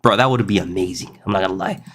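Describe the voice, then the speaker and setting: A man's voice: sits low, quick pace, fairly bright tone, slight background noise. A young man streaming live, reading chat aloud and riffing on it in a rambling, casual way, often saying "bro" and "listen.".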